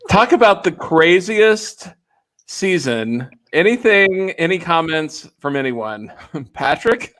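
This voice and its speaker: Bright, mid-pitched co-host voice. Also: very animated, drawn-out words, pauses often. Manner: reacts with short wows, steers talk. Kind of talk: live-stream host chat.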